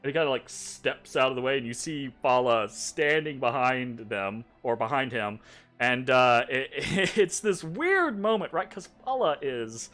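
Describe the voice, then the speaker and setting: A man's voice: medium pitch, lively intonation, unhurried, fairly bright tone. A man game master narrating a tabletop game in a chatty way, laughing and restarting often.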